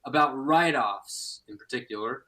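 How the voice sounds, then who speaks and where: A cagey male caller who won't say where he's from and swears casually, as a man plays him. He has a bright mid-range voice and a blunt manner, in an improv comedy show. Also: medium pitch, moderate pace, natural voice, low-quality recording.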